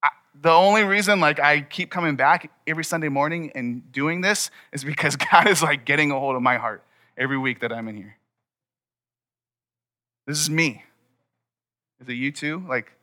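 A man's voice: medium pitch, normal speed, long pauses, pushed and bright. A young man preaching a sermon to his congregation in a casual, conversational way. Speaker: pastor. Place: church hall before a congregation.

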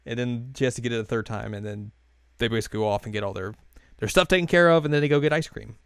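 Man, casual co-host, smooth clear voice, dry close sound, rambling recap style. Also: medium pitch, no echo. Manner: loose and rambling, many fillers and quick quoted voices, laughs often. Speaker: podcast co-host recapping an anime episode. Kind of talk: casual chat.

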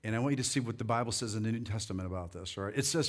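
A male pastor preaching a sermon, rallying the congregation and reading scripture slowly and deliberately. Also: mid-range voice. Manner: animated, rallies the crowd with "come on".

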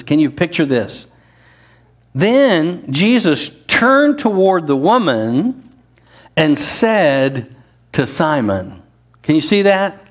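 A middle-aged man preaching a sermon, conversational with asides, building to strong emphasis. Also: a little high. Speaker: pastor.

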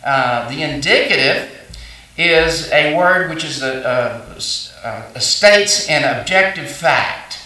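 Folksy preacher, echoey church. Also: male voice, on the high side, expressive, takes it slowly, bright, forceful tone. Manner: folksy storytelling with frequent fillers and restarts. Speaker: pastor. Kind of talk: sermon. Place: church sanctuary. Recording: echoey church hall, mic at a distance.

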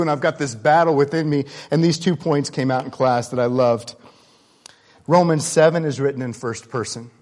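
A man preaching a sermon in a conversational, candid way, swinging between loud emphasis and quiet asides. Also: mid-range voice. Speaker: pastor.

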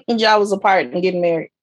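A woman co-hosting a podcast in casual chat, dropping quick, joking interjections. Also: lowish voice, dry recording. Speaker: podcast co-host.

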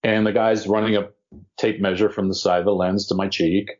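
A man, an actor, telling animated anecdotes as an interview guest and laughing now and then as he talks. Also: on the low side, fairly quick, dull audio. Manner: animated storyteller, laughs mid-story.

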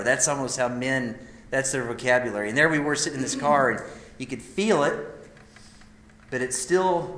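Male preacher, heartfelt storytelling, goes loud then hushed, roomy live sound. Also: medium pitch, slight background noise. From Idaho, USA. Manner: emotional, intimate storytelling that swells and drops. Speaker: speaker at a men's gathering. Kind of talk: sermon storytelling.

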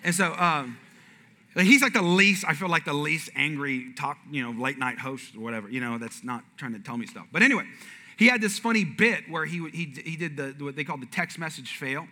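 A man preaching as a pastor, telling humorous stories in an animated way, jumping up high when he acts things out. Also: fairly quick. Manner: animated, jumps to high excited pitch in acted-out stories. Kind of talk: humorous sermon storytelling.

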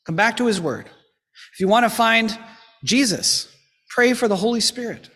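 Male pastor, high voice, earnest exhortation in a sermon, long church reverb. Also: expressive, moderate pace, creaky, bright, forceful tone. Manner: earnest, exhorting, with lightly humorous asides. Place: church sanctuary.

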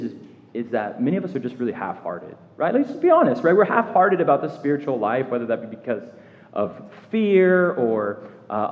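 A man preaching with a very animated pitch that rises and falls as he asks his congregation questions. His voice carries a long hall reverb, and the sound is a little muffled and lo-fi. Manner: conversational, questioning, lively emphasis. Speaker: pastor. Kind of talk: sermon.

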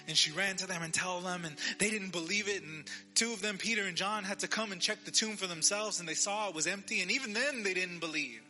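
A man's voice: sits high, brisk, hardly any pauses, sharp tone, faint music behind. A man preaching a sermon as pastor, telling a story and acting out the quoted lines, asking listeners to repeat after him. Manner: asks the audience to repeat.

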